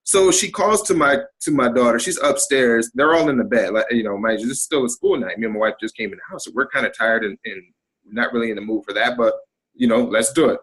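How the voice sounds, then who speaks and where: A middle-aged man, a guest on an interview podcast, telling a personal story in an animated way and acting out the people in it. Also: mid-range voice, fast talker, husky, low-quality recording.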